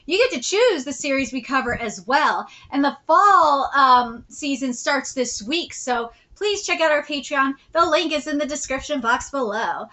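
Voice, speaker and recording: A woman talks through a manga chapter live, casual and excitable, often pausing on "um" and "uh." Her voice sits high and has a bright, forward edge. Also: low-quality recording. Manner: chatty, many fillers, excitable. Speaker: host. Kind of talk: live manga reaction, reading aloud.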